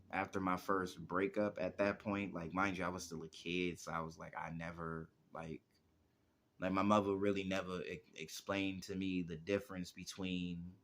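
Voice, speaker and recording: A man's voice: sits low, fairly bright tone. A man in his twenties, a music producer and rapper, telling stories in a casual, rambling interview with lots of filler words. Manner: rambling, heavy use of "like" fillers.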